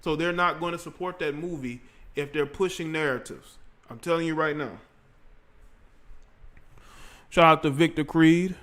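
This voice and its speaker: A man's voice: on the high side, normal speed, fairly bright tone. A man hosting a casual livestream, rambling in slang and talking straight to his chat. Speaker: livestream host.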